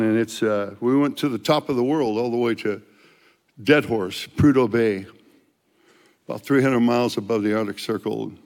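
An older man, a street evangelist, telling testimony stories in an animated way and loudly acting out the dialogue. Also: medium pitch, in a large hall. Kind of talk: storytelling testimony.

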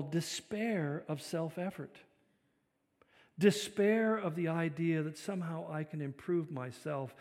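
Guy preaching a sermon, slightly high voice, big echoey church hall, goes loud then soft. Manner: dynamic preaching, swinging between loud emphasis and quiet reflection. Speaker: pastor. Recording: long reverb of a large hall.

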